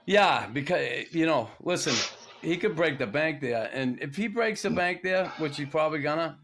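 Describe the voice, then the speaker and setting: A man's voice: on the high side, lively intonation, moderate pace, a bit bright, slight background noise. A man hosting a podcast, talking hockey in a laid-back, agreeable casual chat. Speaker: podcast host.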